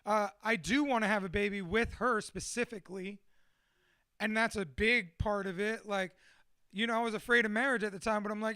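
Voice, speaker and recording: Man, 30s, motivational speaker. Profane, rambling, self-mocking monologue. Very high, bright voice, dry recording. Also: fairly even intonation, a little fast, smooth, dry recording. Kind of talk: candid personal monologue.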